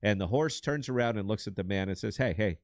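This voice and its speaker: A man's voice: on the low side, fast talker, no echo, studio quality. A man in his fifties co-hosting a casual live show, rambling and telling corny dad jokes. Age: 50s. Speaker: podcast co-host.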